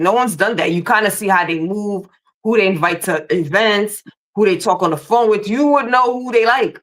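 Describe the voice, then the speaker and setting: A woman's voice: medium pitch, expressive, a little fast, fairly bright tone. Woman giving matter-of-fact recap takes. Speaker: podcast co-host. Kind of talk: live recap chat.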